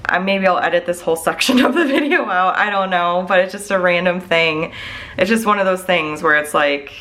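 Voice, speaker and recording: A woman's voice: lowish voice, brisk, a bit bright. A woman vlogger and mom chatting casually to her viewers. She rambles candidly and sounds worried, filling her talk with "like" and "I don't know.".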